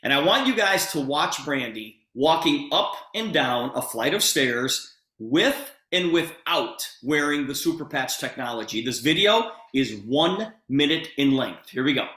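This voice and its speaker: A man pitching a product on a video call with eager, persuasive energy, speaking straight to his listeners. His voice is bright and forceful. The sound is roomy, with a clear echo around him. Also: lively intonation, measured pace, hardly any pauses. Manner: eager, persuasive, addresses audience directly. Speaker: presenter.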